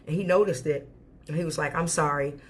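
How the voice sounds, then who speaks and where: A woman's voice: low voice, fast, darkish tone, slightly rough. Emphatic woman ranting through a storytime. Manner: candid, emphatic, swears freely. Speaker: storyteller recounting her marriage. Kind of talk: storytime rant.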